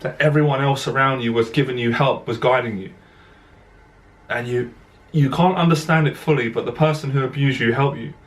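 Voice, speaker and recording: A man's voice: medium pitch, brisk. A man, a dating coach, telling a personal story to camera in an earnest, direct way, repeating himself as emotion catches in his voice.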